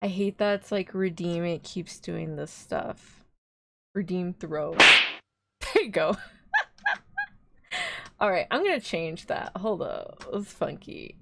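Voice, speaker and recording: A woman's voice: lowish voice, sing-song, slow pace, vocal fry, pauses often, bright, forceful tone, slight background noise. A young woman streaming live as a vtuber, chatting casually in a rambling, giggly way.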